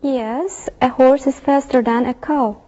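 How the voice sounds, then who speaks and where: A confident adult student, high voice, dull lo-fi recording. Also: female voice, fairly even intonation, a little slow, mellow. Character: adult female student answering in class.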